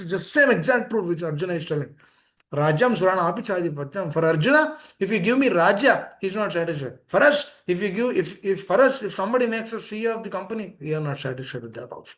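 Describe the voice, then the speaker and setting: A man giving a devotional talk to devotees, earnest and pleading, repeating phrases as his voice swings between soft and emphatic. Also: sits high. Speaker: speaker at a temple meeting. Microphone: online meeting room.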